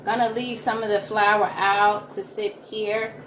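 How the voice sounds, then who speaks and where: A woman's voice: medium pitch, flat delivery, measured pace, roomy sound, heavy background noise. A woman with a Southern accent, giving a chatty, encouraging home cooking demonstration and often repeating her phrases. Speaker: cooking instructor. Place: home kitchen.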